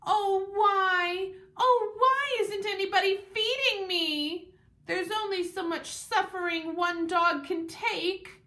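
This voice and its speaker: A woman's voice: extremely high pitch, slow, pushed and bright, echoey room, pitched above the performer's own voice, full character voice. A woman voicing an overexcited, hungry pet dog in a storybook reading, squealing and begging. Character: excitable, food-hungry young pet dog. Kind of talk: storybook read-aloud.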